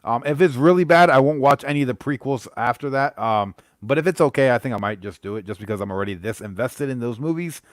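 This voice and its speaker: A man hosting a casual live stream, talking through movies in a loose, rambling way full of "um"s and restarts. His voice sits at an ordinary middle pitch, recorded close and dry with no room sound. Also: expressive, quick pace, hardly any pauses, no room sound. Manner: rambling, chatty, many fillers and restarts.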